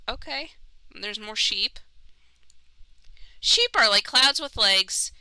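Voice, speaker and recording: A woman's voice: mid-range voice, animated, slow, long pauses, bright, forceful tone, dry recording, low-quality recording. A woman streamer giving playful, casual commentary on a game. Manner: playful, giggly asides.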